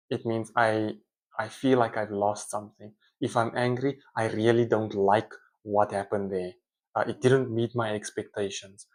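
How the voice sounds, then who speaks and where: Man rambling through a casual monologue. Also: mid-range voice. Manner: rambling, self-correcting, conversational. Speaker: speaker, parent.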